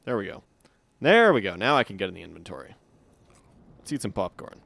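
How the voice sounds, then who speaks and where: Wry male streamer, lively pitch. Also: brisk, vocal fry, no room sound. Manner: casual, wry, swears when startled. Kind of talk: live gameplay commentary.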